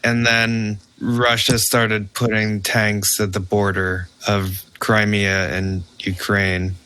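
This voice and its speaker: A man's voice: fairly low pitch, completely flat delivery, slow, sharp tone, clear, resonant tone. A man co-hosting a podcast in casual chat, telling winding stories with laughs. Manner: rambling, laughing storyteller. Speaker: podcast co-host.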